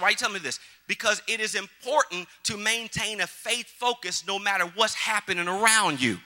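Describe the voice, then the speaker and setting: A man preaching a sermon as pastor, calling out to the congregation with "you got it?" and swinging between loud exhortation and quiet storytelling. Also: sits high, fairly quick, few pauses, a faint crowd. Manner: call-and-response preaching, frequent "you got it?". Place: church sanctuary with congregation.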